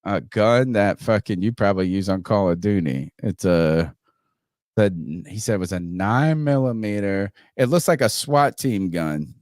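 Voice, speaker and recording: A man's voice: fairly low pitch, unhurried, no room sound, clean studio sound. A man on a podcast telling a story casually, swearing a lot and acting out what people said. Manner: profane, animated, acts out quotes loudly. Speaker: podcast host.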